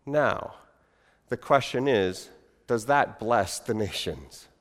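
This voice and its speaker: A man preaching a sermon, animated, acting out voices of the crowd with big swings in loudness. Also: medium pitch, slow pace. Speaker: pastor. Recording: hall reverb.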